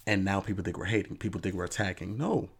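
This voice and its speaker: A man hosting a podcast, talking through his take in a casual, animated monologue with lots of "you know" asides. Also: fast talker, creaky, breathy edge. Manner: animated, acts out fans' voices in a raised pitch. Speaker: podcast host.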